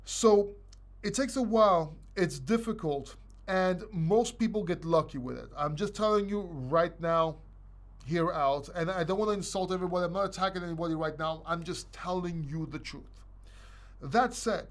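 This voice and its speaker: Male live-stream host, high-pitched, blunt and emphatic, slightly breathless. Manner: blunt, emphatic, repeats himself, swears. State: short of breath, a little sick. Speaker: crypto channel host. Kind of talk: live stream Q&A, opinionated rant.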